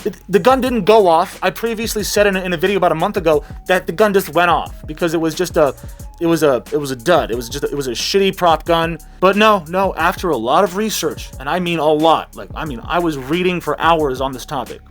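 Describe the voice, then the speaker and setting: A man's voice: fairly high pitch, a little fast, soft background music. A man giving sarcastic, mocking reaction commentary, rambling with restarts. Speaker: commentary vlogger.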